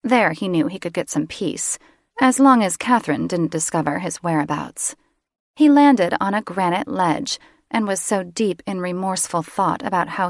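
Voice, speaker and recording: Low gravelly woman narrating fantasy. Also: dry recording, clean studio sound. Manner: steady storytelling. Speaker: audiobook narrator. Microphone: close studio microphone.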